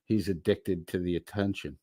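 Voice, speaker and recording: A man's voice: low voice, steady tone, warm tone, no echo, clean studio sound. A middle-aged man hosting a casual livestream, reading out chat messages and answering them with loose, profane banter. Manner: slow, drawling, profane banter.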